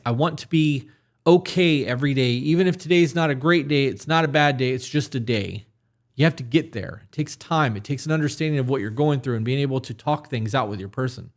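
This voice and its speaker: A man hosting an advice podcast for men, talking candidly and earnestly, with casual swearing. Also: medium pitch. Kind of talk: casual advice talk, reading a listener email.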